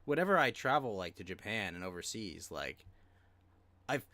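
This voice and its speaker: A man's voice: fairly low pitch, moderate pace, no echo. A man co-hosting a podcast, ranting casually with lots of swearing and filler likes. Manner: animated ranting, swears often, many likes. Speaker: podcast co-host. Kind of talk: casual chat.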